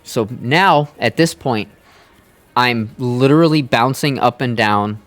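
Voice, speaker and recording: A man's voice: medium pitch, slow, a bit bright. A man streaming live, telling a long rant in a casual, exasperated way with plenty of profanity. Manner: exasperated, profane, building anger.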